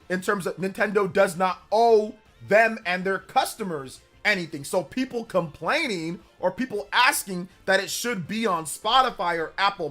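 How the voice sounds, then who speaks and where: A man's voice: high voice, bright, forceful tone. A young man hosting a casual livestream, defensively answering chat comments and repeating his point, with music playing behind him. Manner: defensive, repeats himself, argumentative. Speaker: livestream host. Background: background music.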